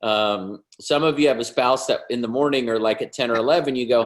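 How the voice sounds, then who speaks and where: A man in his thirties hosting a video call, giving an upbeat, joking sales pitch. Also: fairly quick, echoey room.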